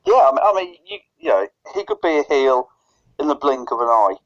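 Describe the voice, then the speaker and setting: A man's voice: a little high, lively intonation, a little fast. A man co-hosting a podcast in casual chat, often stuttering and restarting his phrases. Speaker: podcast co-host. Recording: lo-fi dull recording.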